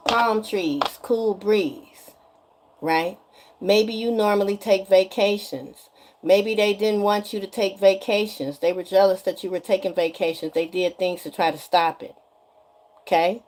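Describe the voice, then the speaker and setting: A woman's voice: medium pitch, steady tone, a little slow, a little mellow. A woman giving a spiritual energy reading straight to the viewer in a sassy, chatty way, often asking "okay?". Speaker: tarot energy reader.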